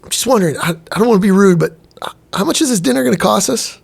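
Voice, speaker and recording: A nervous young tour manager, polite and unsure of himself, as a man acts him out while telling a story. He stammers a little and lifts his voice higher than his own. The questions come out careful and hesitant. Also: lively intonation, racing, creaky, husky, exaggerated voice. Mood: anxious.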